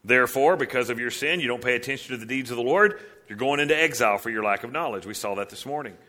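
Talking fast in a medium-pitched voice, a pastor preaches with brightness and projection, firing rhetorical questions. He slips into the voices of his stories' characters before returning to a verse-by-verse explanation.

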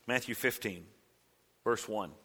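A man preaching a sermon, acting out cries and quotes with big swings between loud and hushed. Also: lowish voice, unhurried, husky. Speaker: pastor.

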